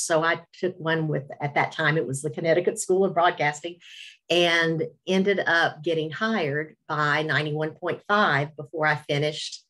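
A woman's voice: low voice, fairly even intonation, moderate pace, a bit bright. A middle-aged woman with an Appalachian Southern accent tells her story on a webinar, with self-deprecating humor and talk of her faith. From Virginia, USA. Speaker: radio host, webinar speaker. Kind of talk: personal testimony talk. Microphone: webinar video call.

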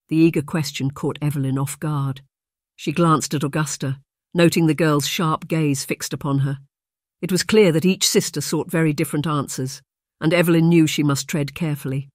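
An audiobook narrator reads a romance novel as scripted narration, keeping a steady, even storytelling manner. The voice is mid-range at normal speed, recorded dry with clean studio sound.

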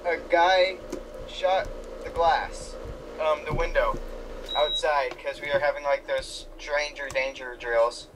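A man's voice: fairly high pitch, fairly even intonation, slow. Teasing male gamer on a noisy mic. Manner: teasing, rambling storyteller, lots of fillers. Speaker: co-player in a gaming session. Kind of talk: casual let's-play chat.

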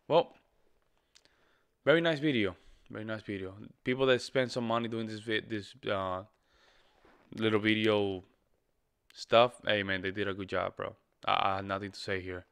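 Male reaction host, low-ish bright voice, laid-back chatty delivery, dry room. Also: fairly even intonation, unhurried, long pauses, smooth, no echo. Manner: casual, repeats himself, says bro and man a lot. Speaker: music reaction channel host. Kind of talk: casual reaction commentary.

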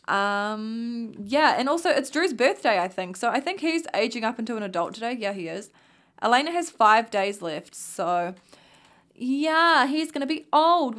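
A woman's voice: fairly high pitch, fairly bright tone. A young woman with a New Zealand accent, tired and yawning, chatting casually as she plays a life-sim game and talks to her characters. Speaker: gaming youtuber. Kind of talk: casual gameplay commentary.

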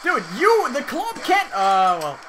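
A man co-hosting a let's play, chatting and reacting excitedly with lots of swearing. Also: very high-pitched, takes it slowly, background noise. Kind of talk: casual gaming commentary.

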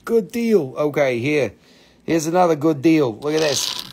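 A man's voice: fairly high pitch, expressive, a little slow, darkish tone. A man hosting a live rock and mineral sale, chatting casually, joking, swearing and laughing often while slipping into funny accents. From Appalachian Valley, United States. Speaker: host selling rocks and minerals on a live stream. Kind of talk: casual live-stream sales chat.

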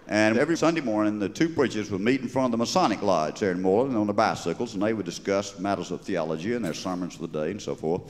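This Georgia-born man does stand-up, telling rambling, folksy tales on stage in his Southern Georgia accent. He speaks in a lowish voice, fast and with hardly any pauses, and the live recording carries a long reverb.

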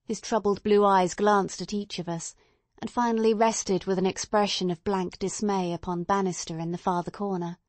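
A woman narrating an audiobook in a soft, measured storytelling manner. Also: mid-range voice, fairly even intonation, no room sound. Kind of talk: scripted narration.

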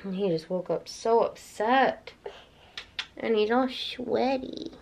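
A woman's voice: fairly high pitch, slow, gravelly, a little mellow. A young woman and mom talking casually to her handheld camera at home, rambling and tired, with lots of "like" fillers. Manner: chatty and rambling, many "like" fillers. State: tired and emotional. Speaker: mom vlogger. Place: home living room.

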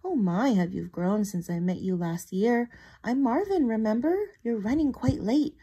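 A woman voicing a helpful, bossy but kind little male mouse in a squeaky voice. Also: expressive, dark tone, slightly rough. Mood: squeaky, eager. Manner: squeaky, brisk.

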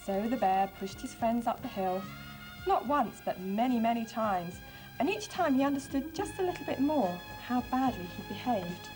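A woman presenting a children's TV show, reading a storybook aloud and then showing a craft, in an expressive, friendly way. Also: fairly high pitch, normal speed, faint music behind.

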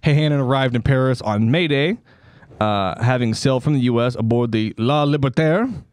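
Male podcast host, reads history then goofs around with silly voices, dry close sound, mid pitch. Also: normal speed, a little mellow, smooth, no echo. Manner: reads history then riffs with jokey put-on voices, laughs often. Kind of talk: casual comedic storytelling.

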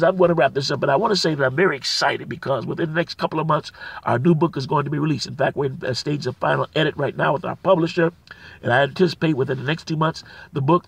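A man's voice: on the high side, gravelly, a bit bright, husky, no room sound, far from the mic. A male minister delivering a sermon, who repeats phrases and builds to emphatic declarations. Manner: preacherly, rises to emphatic declarations; repeats phrases, frequent uh fillers.

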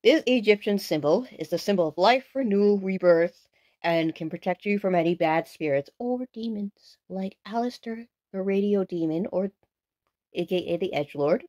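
Excitable woman hosting a paranormal vlog. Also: medium pitch, moderate pace. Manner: excitable and dramatic, swears freely. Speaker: video host. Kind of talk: casual paranormal challenge vlog.

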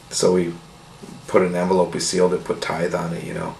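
A middle-aged man telling his healing testimony in a casual, earnest, rambling way, full of "you know" and soft laughs. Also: low voice, monotone, brisk, vocal fry. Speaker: testimony speaker. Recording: echoey room with faint noise.

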